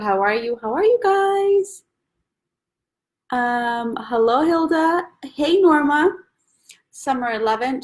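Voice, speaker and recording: A young woman hosting a weekly live stream from home, chatting casually and greeting viewers by name one after another. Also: a little high. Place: at home, husband and baby in the back.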